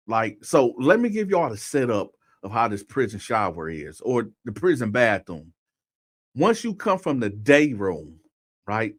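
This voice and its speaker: A man's voice: medium pitch, fairly bright tone. A man telling a personal story in a casual, conversational way, often talking straight to his listeners and checking in with "right?". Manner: conversational, addresses listeners directly, repeats "right?".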